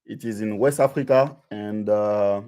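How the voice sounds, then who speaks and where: A man's voice: on the low side, dark tone, clean tone. A man from Benin with a French accent, hosting a live Q&A stream and giving advice with frequent restarts and fillers. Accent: French-accented English. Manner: halting, many restarts and fillers. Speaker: livestream host. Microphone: livestream webcam.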